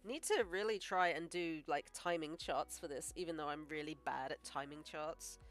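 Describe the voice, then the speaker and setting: A woman animator chatting casually on a live stream while she draws, joking and thinking out loud. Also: low-pitched, normal speed, soft background music. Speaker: animator streaming her work.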